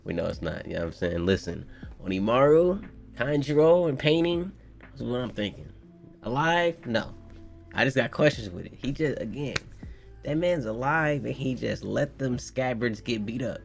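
Man, young adult, gravelly, middle pitch, excitable, slangy, profane, reaction commentary. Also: moderate pace, faint music behind. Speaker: manga reaction host. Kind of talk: casual live reaction commentary.

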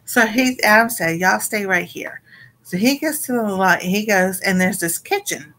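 Bright-voiced woman rambling through a recap. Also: medium pitch, rough recording. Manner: rambling, halting retelling full of fillers. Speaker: cartoon show panelist. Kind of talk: casual episode recap.

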